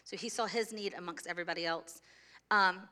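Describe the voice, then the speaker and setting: Woman, pastor, conversational sermon, bright tone, church. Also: fairly low pitch, steady tone, a little fast. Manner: conversational, laughs easily, sings a children's song. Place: church sanctuary.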